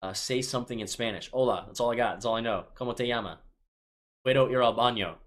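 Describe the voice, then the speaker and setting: This is a racing, medium-pitched male voice belonging to a man in his thirties from Chicago, United States. Reading viewer questions aloud during a live stream, he replies casually and keeps restarting sentences.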